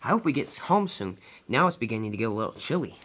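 A storyteller voicing a small, anxious young male tank engine in a toy train fan film, talking in a fretful, excitable way. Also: mid-range voice, fast talker, background noise, close to an everyday voice. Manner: fretful, exclaims easily.

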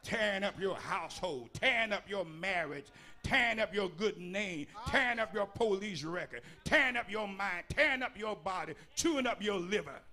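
High, bright-voiced man with fire. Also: animated, normal speed. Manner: rhythmic preaching, building to shouted repetitive lists; folksy, with dialect grammar and humor. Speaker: bishop preacher. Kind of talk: sermon.

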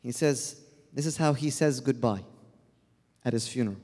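Blunt, animated man preaching in echoey hall. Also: medium pitch, normal speed, long pauses. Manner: blunt, animated, mixes in Arabic words. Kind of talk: sermon. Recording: echoey hall with long reverb.

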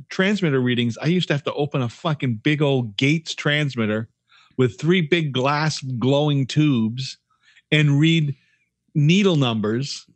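A man's voice: a little high, no room sound. A man in his fifties, a former radio broadcaster, telling profane, rambling stories while co-hosting a podcast. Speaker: podcast co-host. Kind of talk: casual chat.

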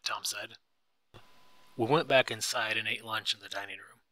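A man narrates a classic novel in an easy-to-read adaptation, with a clear, even read-aloud delivery. His tone is very bright and forward, and the sound is dry and close with no room. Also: on the low side, moderate pace, no room sound, poor audio. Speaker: audiobook narrator.

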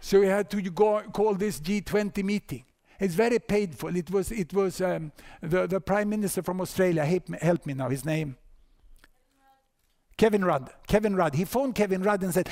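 A man in his sixties with a Swedish accent, lecturing at a conference and telling a story with lively asides and repeated words. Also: high-pitched, moderate pace, gravelly. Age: 60s. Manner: animated storyteller, frequent "huh?" and "you know" asides, repeats words. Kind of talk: conference talk. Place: conference hall with audience.

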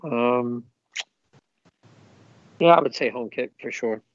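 A man's voice: medium pitch, slow, no room sound. A middle-aged man from the United States, talking as a guest in an upbeat, rambling way. The sound is dry and a touch dull, like a remote call. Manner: enthusiastic, rambling anecdotes. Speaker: guest, former professional footballer. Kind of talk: casual interview chat.

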